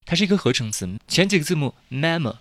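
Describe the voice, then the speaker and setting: A man's voice: a little high, expressive, fast, fairly bright tone, dry recording, clean studio sound. A man hosting an English lesson podcast, chatty and casual, explaining vocabulary with lots of repetition. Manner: chatty, repeats himself, laughs at jokes. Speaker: English teacher, podcast host.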